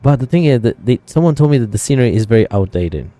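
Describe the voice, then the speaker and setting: A man's voice: mid-range voice, very animated, fast talker, warm tone, no echo. A man streaming a flight simulator, thinking aloud in casual chat with viewers and rambling with fillers and self-corrections.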